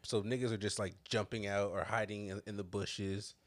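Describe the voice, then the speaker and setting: Dude cracking up while telling a story, cussing, real loose. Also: male voice, on the low side, flat delivery, normal speed. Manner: laughs a lot, loose and profane. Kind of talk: casual storytelling chat.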